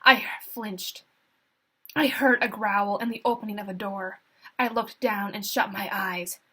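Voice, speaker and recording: A woman reads a first-person story aloud with dramatic emphasis. Her voice is breathy and her pace unhurried. It is recorded on a laptop's built-in microphone. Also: mid-range voice, steady tone, a bit bright. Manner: slow, breathy, dramatic narration. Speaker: story reader. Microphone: laptop built-in mic.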